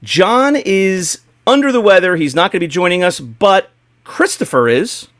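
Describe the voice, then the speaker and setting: A man's voice: high voice, expressive, moderate pace, a bit bright, dry recording, studio quality. A man hosting a casual podcast, opening the show in an upbeat, joking way. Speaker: podcast host.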